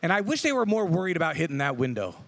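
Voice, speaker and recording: A pastor with a notably high voice gives a relaxed, conversational sermon, often tagging his points with a quick "right?". His voice rings out with a long reverb tail, as if heard across a large hall. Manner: casual, checks in with frequent "right?".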